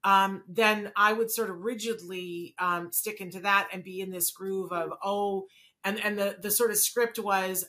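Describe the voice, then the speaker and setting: A woman's voice: medium pitch, fairly even intonation, a little slow, pushed and bright. A woman hosting an interview, a parent herself, asking questions and sharing personal experience in an earnest, conversational way. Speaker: host and parent. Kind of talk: podcast interview.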